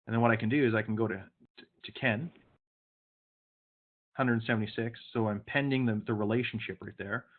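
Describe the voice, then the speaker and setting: Stern sales coach on a video call. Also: male voice, lowish voice, fairly even intonation, a little fast, long pauses. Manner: coaching, direct, sometimes stern. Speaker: sales trainer. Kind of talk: online training session. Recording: phone-like video call audio.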